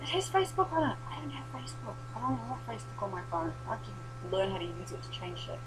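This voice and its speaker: Sweary, animated New woman vlogger. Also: mid-range voice, fast talker, background noise. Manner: animated, sweary, laughing storyteller. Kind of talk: casual storytelling recap.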